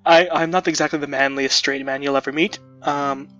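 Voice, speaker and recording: Young male let's-play host, excitable and rambling between read-aloud lines, slightly high voice, muffled lo-fi recording with soft background music. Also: fairly quick. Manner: excitable, rambling, lots of restarts. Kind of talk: reading a visual novel with commentary.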